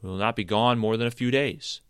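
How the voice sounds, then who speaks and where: A commanding old wizard trapped in a tree stump, firm and insistent, with a fairly low voice, as a male storybook reader plays him. The sound is dry and close. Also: lively intonation, a little fast, bright, forceful tone, dry recording. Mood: confident.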